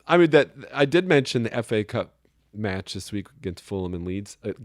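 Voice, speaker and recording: A man co-hosting a casual podcast, his pitch low but swinging widely as he jokes and laughs. His voice is recorded close and dry. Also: big pitch swings, fairly quick, no echo. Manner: joking, laughs often, with sudden high exclamations. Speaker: podcast co-host. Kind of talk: casual chat. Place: Chicago area.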